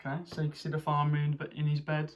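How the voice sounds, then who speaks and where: A primary school teacher reads a picture book to young children at a middle pitch, with a faint hiss in the background. The teacher stops often to ask the children questions and gives the characters and animals expressive voices. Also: quick pace.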